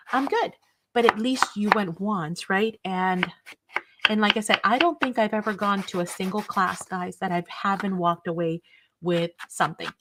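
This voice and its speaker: A woman's voice: mid-range voice, noisy background. A woman hosting a craft live stream, chatting casually with viewers in an enthusiastic, rambling way.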